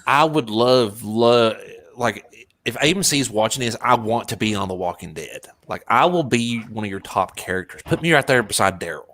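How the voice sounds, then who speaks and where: A man in a casual chat with friends, telling stories excitedly and swearing. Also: medium pitch, moderate pace.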